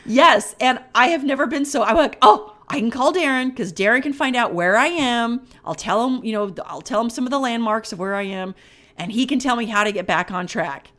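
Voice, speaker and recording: Woman, middle-aged, podcast co-host, casual storytelling, animated, acts out quotes. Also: fairly high pitch, fairly quick.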